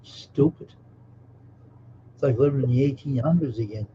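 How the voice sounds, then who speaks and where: A man co-hosting a livestream, talking in a gruff, grumbling way and laughing a lot. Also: mid-range voice, very fast, dark tone. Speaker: livestream co-host. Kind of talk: casual chat. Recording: dull lo-fi audio with faint noise.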